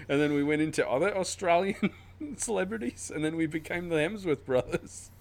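Laid-back male podcast co-host, slightly high voice, jokey, laughs a lot. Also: expressive, a little slow, vocal fry, pauses often. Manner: laughs often, loose and joking. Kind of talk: casual chat. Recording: remote call recording.

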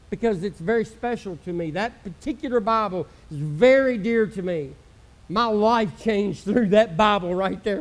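A male pastor preaching a sermon with passion, swinging from loud outbursts to hushed, intimate murmurs and acting out the voices of doubters. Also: very high voice. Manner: acts out quoted voices of doubters.

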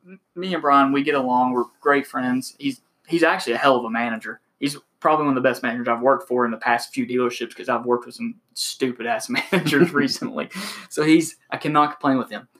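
A man's voice: medium pitch, fast talker. A man casually telling a story about his job as a car salesman, swearing freely and acting out the people in it. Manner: animated, profane, acts out quotes loudly.

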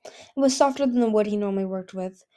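A woman's voice: mid-range voice, fast talker. Woman narrating a fantasy storybook. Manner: even, occasionally stumbling reading. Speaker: audiobook reader.

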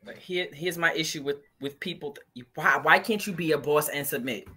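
A woman's voice: low voice, normal speed, sharp tone, husky. A woman co-hosting a casual podcast, emphatic and slangy, pressing her points with rhetorical questions. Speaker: podcast co-host.

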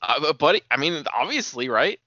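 A man's voice: on the high side, very animated, brisk, pushed and bright, no echo. A man co-hosting a podcast in casual, crude banter. He rambles eagerly and laughs easily. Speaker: podcast co-host. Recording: dull lo-fi dry sound.

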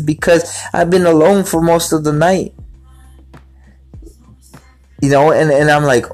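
Over faint music, a man with a fairly high, darkish voice talks casually about his own life at a measured pace, pausing often with fairly even intonation. He rambles, repeats words, and acts out the greetings he quotes.

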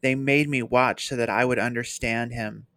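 A reader playing a big grieving male warrior, pleading and wretched, raised and louder, storybook reading. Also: mid-range voice, steady tone, normal speed, no echo, natural voice. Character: big, grief-stricken male warrior twin. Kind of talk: read-aloud novel passage.

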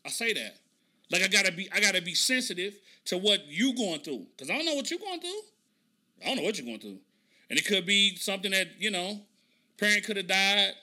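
A man with a high, very bright voice talks through his thoughts on a podcast. He reacts to an interview clip in a loose, slangy, reflective way, circling back to his points as he goes. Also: animated, fairly quick. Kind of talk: casual reaction commentary.

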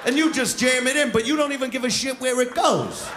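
A man's voice: extremely high pitch, a little fast, noisy background. A male stand-up comedian with a brash, crude, swaggering delivery on a comedy club stage. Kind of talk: live stand-up set. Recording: live club recording with crowd laughter.

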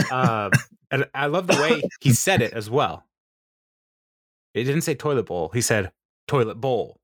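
A man's voice: medium pitch, a bit bright, no echo, studio quality. A man co-hosting a podcast, recapping a TV episode in casual chat and laughing often as he retells scenes. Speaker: podcast co-host.

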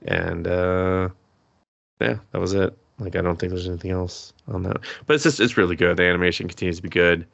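A man with a very low, gravelly voice rambles through an anime plot recap on a podcast, chuckling and cursing as he goes. His voice is dry and close, with a dull, lo-fi sound. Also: steady tone, brisk, fairly bright tone, no echo. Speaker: podcast co-host. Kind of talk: casual anime review chat.

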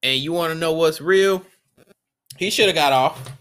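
Blunt, forceful man ranting on his podcast. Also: on the high side, moderate pace, clean tone. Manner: blunt, profane and rambling, with repeated restarts. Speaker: podcast host. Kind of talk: unscripted solo podcast rant.

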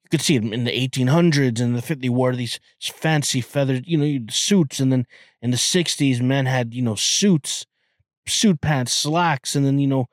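A man's voice: mid-range voice, moderate pace, no room sound. Guy hosting a podcast, rambly and sweary, keeps restarting his sentences, dry sound. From Canada. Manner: rambling, profane, frequent restarts and stammered repeats. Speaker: podcast host. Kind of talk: casual chat.

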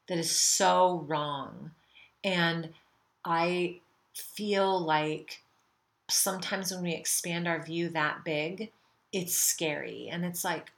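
A middle-aged woman hosting a spiritual self-help podcast, rambling casually, swearing now and then and acting out the voices in her head. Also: low-pitched. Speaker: podcast host.

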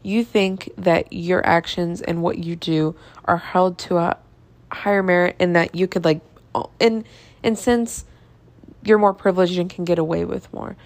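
A young woman hosting a podcast, telling a story in a casual, chatty monologue with swearing, sighs and laughs, exasperated and animated. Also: fairly low pitch, a little slow, no echo. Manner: animated, exasperated, drops to mutters. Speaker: podcast host.

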